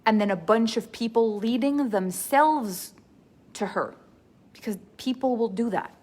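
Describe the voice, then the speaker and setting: A woman business coach giving an earnest masterclass talk, repeating key points for emphasis. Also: medium pitch.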